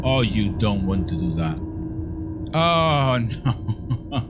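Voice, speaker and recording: Lively, slow-talking man playing horror games. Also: lowish voice, background noise. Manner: jumpy, exclaiming, talks to viewers. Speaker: horror game let's-player. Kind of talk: game commentary.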